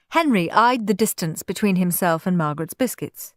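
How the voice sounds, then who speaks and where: A woman narrating a children's audiobook in an expressive, playful way. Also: on the low side, moderate pace, hardly any pauses, no room sound, studio quality. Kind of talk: storybook narration.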